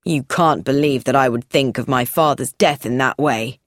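A woman's voice: very deep voice, moderate pace, no room sound, clean studio sound, pitched below the performer's own voice. A woman voicing a stiff, cold older brother, a businessman who speaks coldly and defensively.

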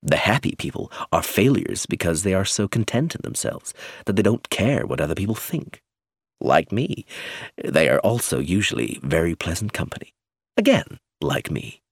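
A man's voice: deep voice, very animated, moderate pace, breathy edge, dry recording, clean studio sound, heavily acted. A man playing a charming teasing young man. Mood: wry.

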